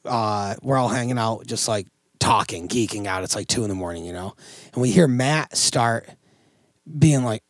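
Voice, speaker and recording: A young man from upstate New York telling a long, profane, animated story as a podcast co-host. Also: mid-range voice, moderate pace, no echo. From Oswego, New York. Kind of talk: casual storytelling chat.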